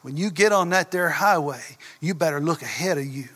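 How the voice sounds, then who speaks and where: A man voicing a gruff older Southern football coach with a deep drawl who barks stern instructions. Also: fairly quick, pushed and bright.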